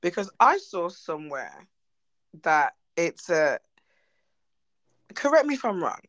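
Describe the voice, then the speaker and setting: A woman's voice: fairly low pitch, very animated, slow pace, fairly bright tone, dry recording, rough recording. A woman co-hosting a podcast, talking bluntly and animatedly and swearing freely. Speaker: podcast co-host. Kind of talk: casual chat.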